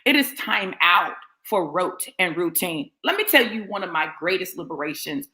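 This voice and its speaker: A woman's voice: lowish voice, big pitch swings, normal speed, sharp tone. A woman delivers a fiery sermon. She is blunt and confrontational, driving each point home through emphatic repetition. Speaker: motivational preacher.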